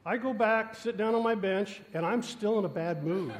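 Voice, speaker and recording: Man, preacher, high voice, lively storytelling, joking at himself, faint hiss behind. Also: moderate pace, few pauses. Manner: animated, self-mocking humor. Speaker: guest preacher. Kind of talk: sermon with storytelling.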